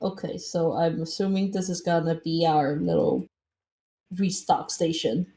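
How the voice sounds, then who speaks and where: A woman's voice: sits low, steady tone, unhurried, mellow, roomy sound. A woman playing a tabletop game, talking casually in a tentative, polite way. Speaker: player.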